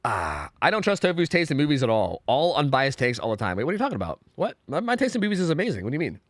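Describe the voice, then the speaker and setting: Young man, streamer, casual live chat, profane, rambling, bouncy pitch, slightly high voice. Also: fast talker, no echo, studio quality. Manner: profane, ranting, excitable; rambling with frequent restarts and fillers.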